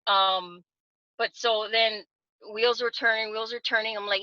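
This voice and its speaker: A woman's voice: a little high, steady tone, measured pace, sharp tone, dry recording. Earnest woman on a dull video call. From Hawaii. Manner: earnest, many fillers and restarts. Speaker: guest giving a testimonial on a video call. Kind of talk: casual personal story.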